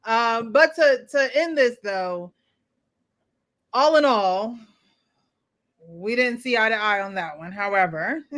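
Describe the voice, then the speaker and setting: A woman's voice: fairly high pitch, a bit bright. A woman hosting a panel in casual chat, playful and teasing, often breaking into laughter. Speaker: panel host.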